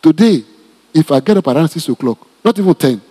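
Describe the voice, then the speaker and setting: A man with a Nigerian accent preaching a teaching sermon as pastor, animated and repetitive, with joking asides to the congregation. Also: on the high side, a little fast, in a large hall. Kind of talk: teaching sermon, Bible study.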